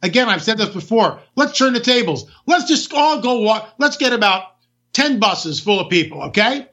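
A man's voice: high voice, lively intonation, normal speed, a bit bright, muffled recording. A man hosting a political talk show, ranting emphatically and firing off rhetorical questions. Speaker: talk radio host.

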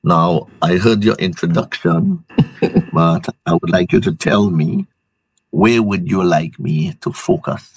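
A man from Saint Lucia, a business owner, telling his story as a guest in relaxed, halting speech. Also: low voice, breathy edge, no echo, low-quality recording. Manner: relaxed storytelling, many restarts. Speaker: guest entrepreneur. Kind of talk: interview answers.

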